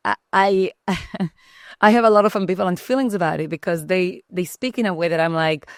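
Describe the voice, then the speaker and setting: Female host, lower pitch, chatty and animated, dry studio mic. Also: smooth, dry recording. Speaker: podcast host. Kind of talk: conversational interview.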